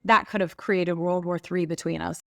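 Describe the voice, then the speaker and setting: A middle-aged woman, a guest on a talk show, telling personal stories in an animated way and acting out what people said. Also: lowish voice, moderate pace, creaky, no echo, clean studio sound. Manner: animated, acts out quoted voices. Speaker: guest, women's group leader. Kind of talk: conversational storytelling.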